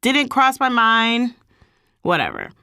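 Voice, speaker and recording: A woman's voice: slow pace, smooth, no echo, clean studio sound. A woman hosting her own vlog, casually telling a personal story and acting out what people said. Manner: animated, quotes people in higher voices. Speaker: vlog host.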